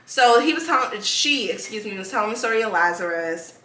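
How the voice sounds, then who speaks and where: Bright-voiced New woman podcast host. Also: on the high side, expressive, fairly quick, roomy sound. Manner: loose storytelling with slang and laughs. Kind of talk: casual chat.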